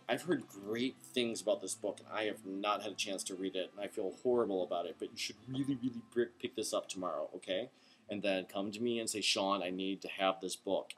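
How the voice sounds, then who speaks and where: A man's voice: on the low side, slightly rough. Rambling, chatty comic shop man. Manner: chatty, enthusiastic, goes off on tangents. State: tired late at night. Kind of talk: casual rambling review.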